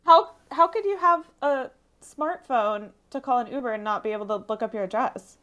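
A woman's voice: fairly high pitch, lively intonation, moderate pace, a bit bright, muffled recording. A woman in her late twenties, a podcast guest, chatting casually and laughing between phrases. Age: 20s. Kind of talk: casual chat.

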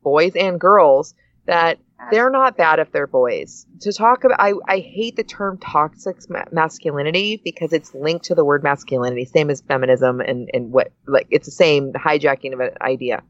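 A middle-aged woman chatting casually, telling a lively story and acting out quoted voices. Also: moderate pace, dull audio. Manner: animated storyteller, acts out quoted lines with big pitch jumps. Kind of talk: casual chat.

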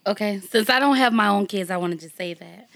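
A woman who works as a nursing consultant, a guest on a podcast, giving measured, thoughtful answers. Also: medium pitch, vocal fry, fairly bright tone. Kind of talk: podcast interview.

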